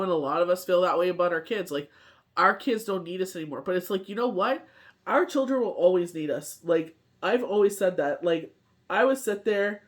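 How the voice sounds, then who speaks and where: A woman with a cold, reading tarot cards in a rambling, chatty way and often asking whether the listener follows. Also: lowish voice. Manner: rambling, chatty, constant "you know what I mean". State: has a cold, short on sleep. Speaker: tarot reader. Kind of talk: casual daily tarot reading.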